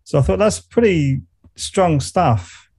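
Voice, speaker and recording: Slow-paced, with lively intonation, a slightly high, darkish voice and a breathy edge, a middle-aged Englishman with a Surrey accent talks as a guest in a casual interview. This meditation coach and musician rambles reflectively, restarting often and laughing.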